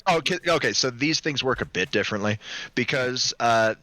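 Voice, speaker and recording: A man running a tabletop game as game master, casual and excitable, swearing freely. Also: medium pitch, normal speed, no echo.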